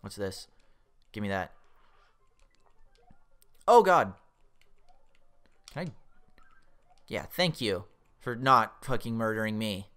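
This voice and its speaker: A man's voice: lowish voice, a little slow, pauses often, smooth. A young man commentating his own gameplay, swearing a lot and yelping when the game startles him. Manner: excitable, swears often, yelps when startled. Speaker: let's play host.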